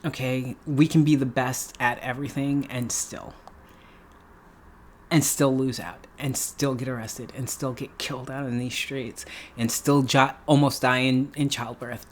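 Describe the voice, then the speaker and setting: A woman's voice: rumbling low, steady tone, unhurried, a little hiss or hum. A middle-aged woman from New York talking casually in a vlog, chatty and emphatic, laughing often and repeating herself for effect. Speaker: beauty YouTuber.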